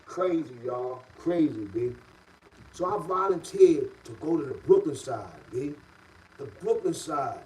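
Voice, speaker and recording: A middle-aged man from the Bronx with a New York City accent, telling a story in a casual, streetwise way and rising loud and high when worked up. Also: expressive, unhurried, distant mic, slight background noise, low-quality recording.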